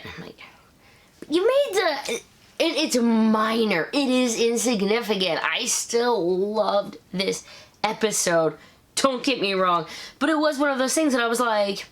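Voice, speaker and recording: A woman in her thirties hosting a casual episode review, chatty and animated, with quick asides. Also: fairly high pitch. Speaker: show review host.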